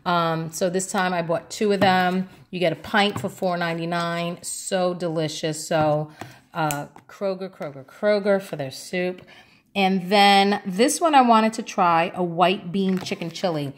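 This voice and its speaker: A woman's voice: fairly low pitch, unhurried. A woman from New York City, a vlogger chatting casually through a grocery haul, rambling along with lots of ums and uhs.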